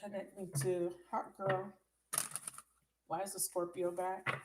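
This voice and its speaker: A woman's voice: on the low side, little pitch movement, takes it slowly, background noise. A woman reading tarot for viewers on a live stream, chatty and blunt, swearing freely and calling them baby. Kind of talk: casual live reading chat. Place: at home.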